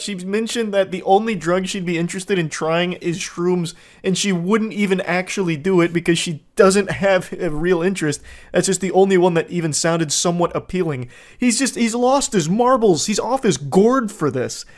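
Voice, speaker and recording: A man's voice: sits high, normal speed, few pauses. A man giving sardonic, incredulous comedic commentary while reading text messages aloud.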